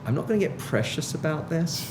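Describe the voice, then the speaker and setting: A man's voice: on the high side, expressive, brisk, noisy background. Wry British man telling stories. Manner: wry, self-mocking storyteller. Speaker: musician guest. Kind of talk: casual interview chat.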